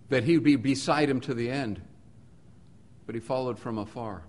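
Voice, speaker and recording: A man preaching a sermon at a middle pitch, earnest and steady. He stacks repeated phrases to build emphasis. He drops to quiet, low passages, then rises to forceful ones. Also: moderate pace, long pauses. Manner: earnest, rhetorical repetition, swings between soft and emphatic.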